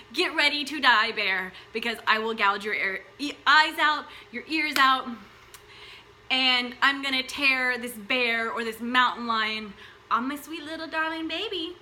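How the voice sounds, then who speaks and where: A woman's voice: high-pitched, steady tone, measured pace, sharp tone, slight background noise, full character voice. A woman acting out a young mother who stands up to a bear to protect her baby. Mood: fierce.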